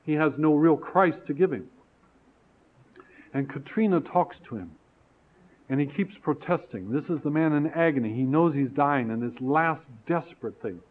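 A man preaches in an earnest, storytelling way, his fairly high voice climbing to emphatic peaks. The sound is thin and phone-like, as if heard over a narrow radio broadcast. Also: animated, moderate pace. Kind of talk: sermon-style teaching talk.

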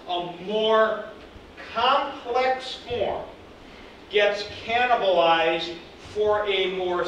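Guy teaching a class, kinda high voice, mic far off, super echoey room. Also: a little hiss or hum. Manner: animated, acts out example sentences. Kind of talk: classroom lecture.

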